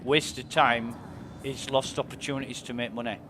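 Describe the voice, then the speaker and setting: A man's voice: medium pitch, fairly even intonation, moderate pace, background noise. A man chatting casually and enthusiastically while streaming a game, swearing freely. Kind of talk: casual chat while gaming.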